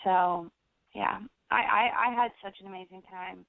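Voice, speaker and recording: A young American actress chatting in an interview, rambling with lots of fillers and restarts. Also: female voice, mid-range voice, fairly even intonation, moderate pace, gravelly, no room sound. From United States. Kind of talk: casual interview chat. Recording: dry tinny phone-like sound.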